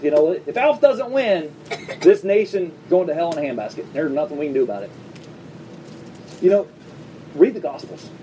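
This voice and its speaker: High-voiced man preaching conversationally. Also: mellow, distant mic, slight background noise, rough recording. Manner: conversational preaching with quick asides and humor. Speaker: pastor. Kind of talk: sermon. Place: church service before a congregation.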